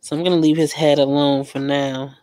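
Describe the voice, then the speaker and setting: This art vlogger paints live while casually gossiping, her low-pitched voice moving a little fast. Young and slangy, she laughs a lot and keeps her stories animated.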